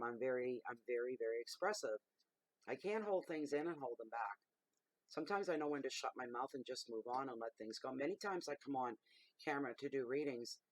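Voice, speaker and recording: A woman's voice: rumbling low, no room sound, low-quality recording. A middle-aged woman, a tarot reader hosting her own channel, ranting to camera in a blunt, heated and sweary way.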